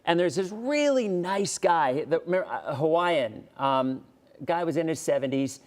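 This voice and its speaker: A man's voice: fairly high pitch, animated, a little slow. A man with an American accent hosting a casual interview show, a weather presenter who rambles, restarts and tells stories with chuckles.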